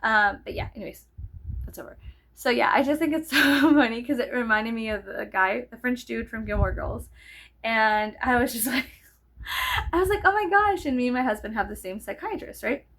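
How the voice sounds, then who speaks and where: A woman's voice: fairly high pitch, normal speed, a bit bright, rough recording. A woman in her thirties chatting casually in a vlog, rambling with lots of fillers and asides. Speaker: vlogger. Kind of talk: casual chat.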